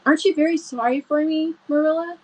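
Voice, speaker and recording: A woman's voice: on the high side, brisk, lightly acted, low-quality recording. A woman voicing an imaginative, dramatic young girl who speaks in solemn, earnest tones.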